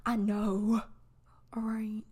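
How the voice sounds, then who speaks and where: A young Alabama woman with a Southern US accent vlogs casually to the camera, rambling with lots of "like" fillers and restarts. Her mid-range voice is monotone, a little mellow, and extremely slow.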